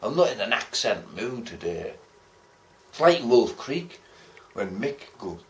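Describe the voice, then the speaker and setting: A man's voice: medium pitch, very animated, a little slow, long pauses. A man giving a casual, rambling film review, chatty and swearing casually as he talks. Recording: roomy echo.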